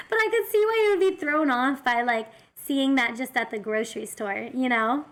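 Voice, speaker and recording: A woman VTuber reading Reddit posts aloud and commenting on them in a giggly, animated way. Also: on the high side, moderate pace. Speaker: VTuber streamer.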